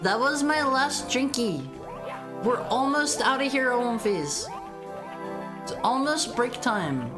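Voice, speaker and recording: A woman's voice: fairly high pitch, lively intonation, slow pace. A woman streaming a video game, chatting playfully and teasing her chat. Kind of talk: casual game-stream commentary. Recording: game music playing behind.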